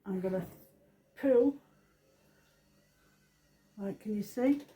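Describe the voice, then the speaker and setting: A woman's voice: mid-range voice, takes it slowly, warm tone, rough recording. A woman running a craft demonstration, chatting through each step in a casual, self-deprecating way. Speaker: craft shop owner demonstrating.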